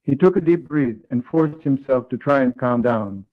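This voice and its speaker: A man tells a third-person story in a flat, read-aloud delivery. His voice sits at a middle pitch. It comes through thin and tinny, like audio from an online call. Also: normal speed.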